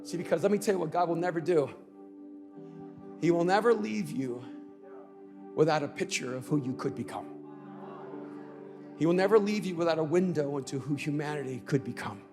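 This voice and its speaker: A middle-aged male pastor preaching a conference sermon, moving from storytelling to shouted, emphatic peaks. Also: fairly high pitch, a little fast, pauses often, long reverb tail, music in the background. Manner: builds from conversational storytelling to shouted crescendos.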